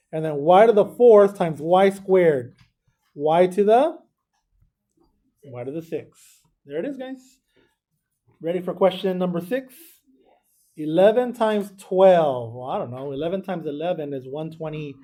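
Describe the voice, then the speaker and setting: A man's voice: high voice, mellow. Man teaching math step by step. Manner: talks through arithmetic step by step, checking in with students. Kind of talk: classroom lesson. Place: classroom.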